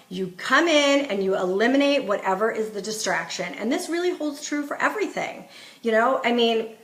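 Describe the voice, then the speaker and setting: A woman's voice: on the high side, a bit bright. A middle-aged woman, a parenting coach, talking casually and emphatically to viewers, giving firm instructions and quoting what she tells her kids. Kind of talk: casual live-stream talk to viewers. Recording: echoey room.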